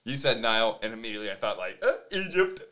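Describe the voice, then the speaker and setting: A young man guesting on a casual podcast, joking around with quick quips. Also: lowish voice, very animated, pushed and bright. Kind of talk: casual chat.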